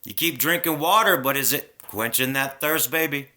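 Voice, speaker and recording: A man's voice: mid-range voice, normal speed, pushed and bright. Man ranting, heated and preachy. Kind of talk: casual spiritual rant to camera.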